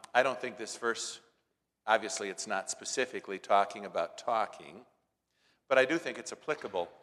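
A man preaching a sermon, telling a story and driving points home with repeated lines, loud stresses and soft asides. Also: lowish voice. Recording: long hall reverb.

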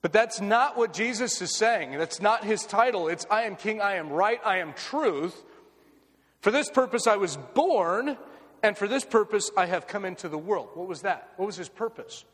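A man's voice: sits high, animated, moderate pace, fairly bright tone, big-room sound. An American man preaching a sermon, earnest and repeating key phrases for emphasis. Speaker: pastor.

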